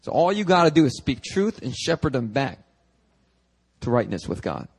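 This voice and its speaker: A young male pastor preaching a casual, conversational sermon, animated and full of quick asides and restarts. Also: medium pitch, slightly rough. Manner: animated, chatty, frequent restarts and asides to the congregation. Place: church sanctuary.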